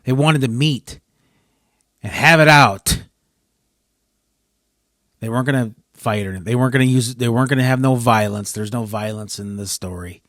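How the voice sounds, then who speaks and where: A man's voice: mid-range voice, moderate pace, long pauses, fairly bright tone, no echo, clean studio sound. A man hosting a solo podcast, rambling and frustrated, often breaking off mid-sentence. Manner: frustrated, rambling, self-interrupting. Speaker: podcast host.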